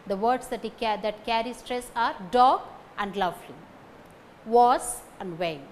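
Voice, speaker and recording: A woman's voice: a little high, measured pace, a little hiss or hum. A woman with an Indian English accent teaching phonetics, repeating each example sentence and then calling out the stressed words. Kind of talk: slow recorded lecture with drilled example sentences.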